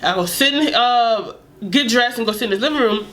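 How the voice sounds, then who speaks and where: A young adult woman telling a candid, animated storytime vlog, sometimes laughing and dropping to a whisper. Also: fairly high pitch, a little fast. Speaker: vlogger.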